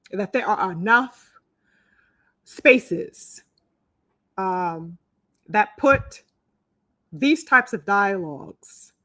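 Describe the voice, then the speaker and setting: A woman's voice: mid-range voice, a bit bright, no room sound, studio quality. A woman hosting a live podcast, talking casually with lots of fillers and restarts. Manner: chatty, many fillers and restarts, greets viewers by name. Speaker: podcast host. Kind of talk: casual live-stream talk.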